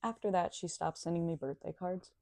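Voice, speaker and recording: A woman's voice: lowish voice, brisk, a little mellow, no echo, studio quality. A woman talking in a casual monologue, sardonic and profane.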